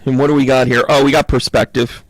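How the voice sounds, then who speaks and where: A man's voice: medium pitch, little pitch movement, fast talker, dry recording. A man with a Southern US accent doing a chatty, playful live tarot reading for viewers, joking between cards. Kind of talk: live card reading, casual chat.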